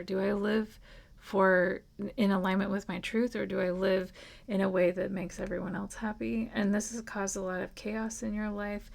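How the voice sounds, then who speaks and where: Gravelly, flat-toned woman reading tarot. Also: medium pitch. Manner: earnest, reassuring, emotional. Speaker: tarot reader. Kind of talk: casual tarot reading to camera. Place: at home with a dog.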